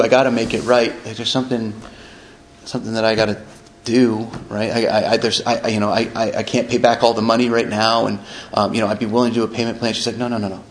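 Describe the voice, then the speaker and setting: A man's voice: fairly low pitch, a little hiss or hum, low-quality recording. A man sharing a personal recovery story in a rambling, conversational way, with many restarts and frequent tag questions. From upstate New York. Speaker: recovery speaker.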